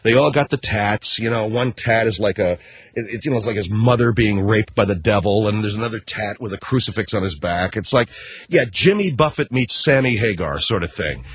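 A man's voice: on the low side, a little fast, a bit bright, husky, no echo. A middle-aged man hosting a talk show, telling a rambling, sarcastic comic rant with casual swearing and constant self-corrections. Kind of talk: comedic rant monologue.

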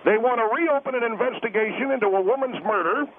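A pompous, insistent taxpayer crusader, put on by a man, lectures down a tinny phone line in a fairly high voice. He plows on, refusing any interruption, with a faint hiss behind him. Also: fast talker. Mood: lecturing. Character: pompous middle-aged male taxpayer advocate. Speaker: caller guest.

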